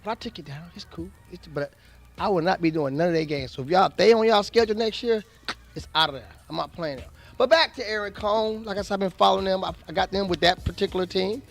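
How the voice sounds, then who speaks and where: Blunt high-voiced man talking sports. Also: fast talker, gravelly, faint music behind. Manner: blunt, animated storytelling with frequent restarts and slang. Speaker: sports show host. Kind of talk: casual sports commentary.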